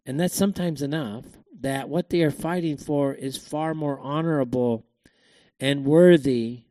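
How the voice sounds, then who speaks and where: A man's voice: mid-range voice, mellow, no room sound, studio quality. A man hosting a show, giving a rambling, emphatic opinion monologue full of fillers and repeated words. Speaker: show host.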